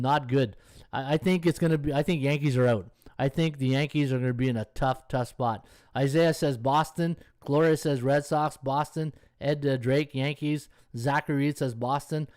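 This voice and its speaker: With a medium-pitched, slightly mellow voice, a man rambles through a casual live-stream chat for his sports betting podcast. Full of fillers and restarts, he thinks aloud while checking schedules on screen and talking to chat viewers.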